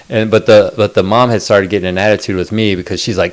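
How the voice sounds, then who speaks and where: A man's voice: on the low side, fairly even intonation, a little fast, hardly any pauses. A man co-hosting a podcast, telling a long story in casual chat, rambling and swearing, full of fillers. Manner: rambling, profane, lots of fillers. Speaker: podcast co-host.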